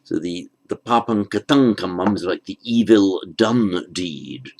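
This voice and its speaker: A man teaching the meaning of an old verse, patiently explaining each word after reciting it slowly. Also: deep voice, animated, creaky, a little mellow, poor audio. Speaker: Pali language teacher. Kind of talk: unhurried lesson on a verse.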